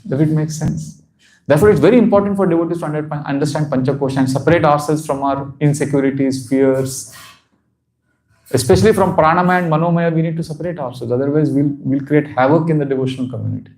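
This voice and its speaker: Male spiritual teacher, higher-pitched voice, earnest, repeats lines, laughs often. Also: steady tone, fast talker, darkish tone. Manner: repeats phrases for emphasis. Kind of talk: devotional seminar talk.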